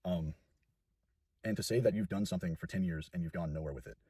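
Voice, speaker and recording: A nineteen-year-old man rambles quickly through a casual vlog, self-deprecating and full of fillers. His low voice is husky and sits a little away from the mic, in a dry space with no echo. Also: mellow, recorded from a distance. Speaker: YouTuber.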